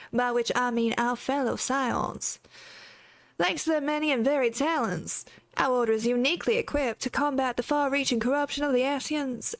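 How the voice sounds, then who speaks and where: A woman's voice: high voice, dry recording. A woman voicing a grave, stately woman leader in a put-on Southern drawl, reading game dialogue aloud. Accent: put-on American Southern. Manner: earnest, stately speech.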